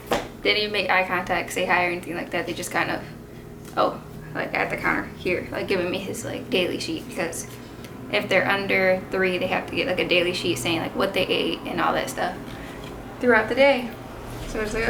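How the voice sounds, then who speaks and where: A young woman telling a story on a casual vlog, chatty and animated, full of fillers. Her voice has a gravelly fry at the ends of phrases, at a middle pitch. The home recording has a clear noise floor behind her. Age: 20s. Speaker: vlogger and mother.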